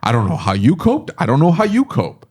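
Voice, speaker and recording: A middle-aged man, a shop owner, chatting casually on a podcast and telling rambling, animated stories. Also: medium pitch, brisk, breathy edge. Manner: rambling, animated storytelling with laughs.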